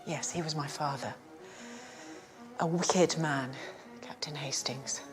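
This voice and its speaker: An actress playing a quiet, guarded young woman with a troubled family past, speaking softly and hesitantly, often half-whispering. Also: deep voice, takes it slowly, over music.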